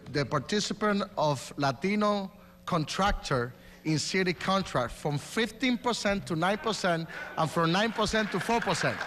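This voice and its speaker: A New York mayoral candidate in his forties, with a Puerto Rican Spanish accent, answers debate questions emphatically in loose, broken English at a live debate in a large hall. His voice is a little high and a bit bright, and the reverberant hall carries a faint hum.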